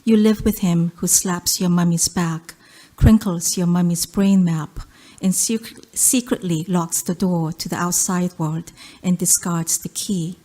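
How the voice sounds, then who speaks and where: A woman's voice: fairly low pitch, dark tone. Korean-accented woman reading poetry. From South Korea. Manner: measured, rhythmic poetry recitation. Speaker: poet.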